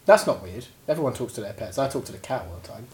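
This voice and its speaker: A man's voice: medium pitch, lively intonation, fast talker, darkish tone. A man co-hosting a casual podcast chat, teasing his friend and laughing often. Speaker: podcast co-host. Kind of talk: casual banter.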